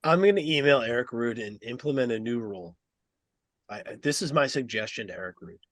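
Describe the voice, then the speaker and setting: Animated storytelling man. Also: medium pitch, a little fast, dry recording. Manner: animated anecdote telling. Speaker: podcast co-host, race judge. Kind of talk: casual chat.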